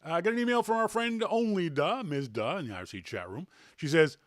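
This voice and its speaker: A man hosting a podcast, telling a self-deprecating anecdote in a casual, animated way. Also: on the high side, fairly quick, no echo, studio quality. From Canada. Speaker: podcast host. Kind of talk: casual storytelling.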